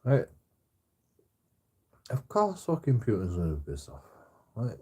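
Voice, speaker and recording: A man's voice: lowish voice, wildly swooping pitch, unhurried, warm tone, slightly rough. A man rambling in casual chat as a streamer, swearing constantly and stammering through restarts.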